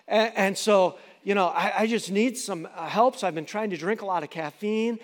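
A man preaching a sermon as pastor, animated and acting out quick dialogues in different voices. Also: sits high, long reverb tail. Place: church sanctuary.

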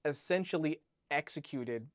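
A man in casual chat, talking through a book in a rambling, animated way, full of restarts and "like". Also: on the high side, moderate pace, no echo, clean studio sound. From United States. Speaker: podcast co-host discussing a book.

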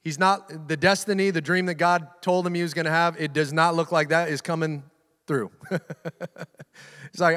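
High-voiced man preaching in a reverberant hall. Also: fairly even intonation, normal speed, long pauses, fairly bright tone. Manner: conversational preaching with frequent restarts and asides to the congregation. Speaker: pastor. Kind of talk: sermon. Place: church sanctuary.

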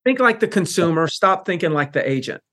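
A man's voice: high voice, big pitch swings, fairly quick, bright, forceful tone. A man hosting a podcast interview who talks emphatically and explains his points with everyday examples. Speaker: podcast host. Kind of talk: casual interview conversation.

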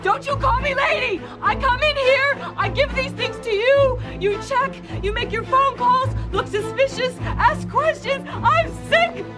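An actress playing a distraught middle-aged woman, the wife of a dying man, screaming and swearing in fury. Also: extremely high pitch. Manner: screaming, profane, furious. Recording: film clip under loud music.

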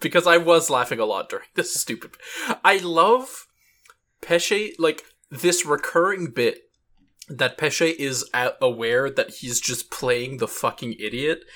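A podcast co-host in easygoing recap chat who chimes in with jokes and swears casually. Their voice sits at an ordinary middle pitch, and they sound amused throughout. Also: animated, unhurried, bright, forceful tone.

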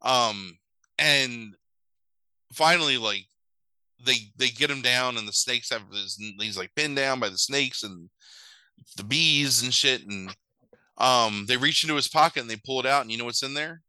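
A man's voice: mid-range voice, measured pace, pushed and bright, smooth, dry recording, rough recording. A man casually retelling a movie plot, swearing and acting out the characters' lines in mock voices. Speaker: podcast host recapping a movie. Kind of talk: casual chat.

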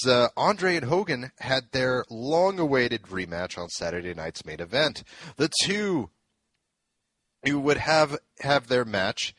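A man's voice: medium pitch, fairly bright tone, dry recording. A man co-hosting a casual podcast, eagerly recounting old events and laughing often. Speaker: podcast co-host. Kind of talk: casual storytelling chat.

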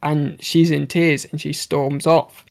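An animated man talks through a film in casual chat, swearing and acting out what characters said. His voice sits a little high and has a gravelly, fry-laden edge. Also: slow. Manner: animated, swears freely, acts out characters' lines. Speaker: podcast co-host reviewing a film.

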